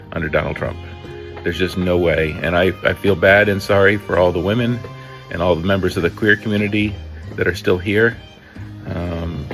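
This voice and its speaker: Deep gravelly man, subdued vlog update. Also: fairly bright tone. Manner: subdued, halting, many fillers.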